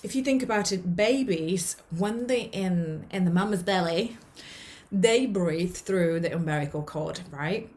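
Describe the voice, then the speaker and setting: A woman's voice: lowish voice, unhurried, darkish tone. A woman talking straight to camera, earnest and encouraging, often restarting and checking in with "okay?". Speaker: vlogger giving life advice. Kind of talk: casual talk to camera.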